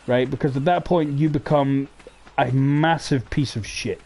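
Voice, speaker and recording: Man, casual podcast rant, heated and profane, mellow dark voice, faint noise behind. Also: moderate pace. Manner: heated, profane, swings between loud outbursts and low muttering. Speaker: podcast host.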